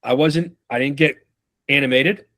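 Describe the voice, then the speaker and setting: A man's voice: medium pitch, normal speed, dry recording. A man runs a leadership training session, talking loosely and with plenty of swearing. He acts out the feedback lines he wants his students to use. His mid-range voice is recorded close and dry. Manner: animated, profane, acts out examples. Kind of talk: casual training session talk.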